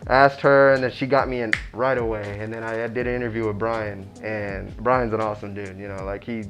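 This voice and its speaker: A man's voice: lowish voice, little pitch movement, fairly quick, music in the background. A man in his twenties chatting easygoing in a casual interview, sprinkling in filler phrases. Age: 20s. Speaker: delivery manager at a cannabis dispensary.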